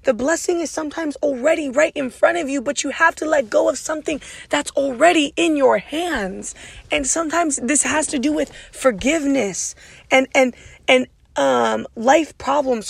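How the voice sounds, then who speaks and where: Raspy woman doing a motivational podcast, loud and fired up, kinda high, gravelly, dry close mic. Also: moderate pace, no room sound. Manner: loud and passionate, speaks to listeners directly. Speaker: podcast host.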